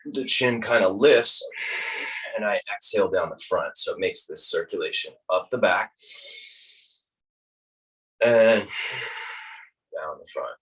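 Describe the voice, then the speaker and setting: A man teaching a guided breathing lesson, calm and instructive, demonstrating each breath aloud. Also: deep voice, moderate pace, slightly rough, far from the mic, rough recording.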